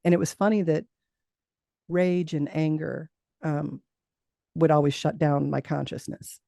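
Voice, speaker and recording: A middle-aged woman recounting her own experience as an interview guest, her voice mellow and edged with gravelly fry. She speaks earnestly, laughs often and stumbles over repeated words. The sound is close and dry. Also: sits low, fairly even intonation, a little slow, no echo. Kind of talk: personal storytelling in an interview.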